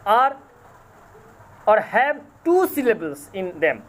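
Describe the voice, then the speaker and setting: Slow, high-voiced Indian English lecturer. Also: male voice, big pitch swings. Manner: slow, spells words out letter by letter and repeats them, corrects himself. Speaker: college English teacher. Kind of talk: recorded lecture.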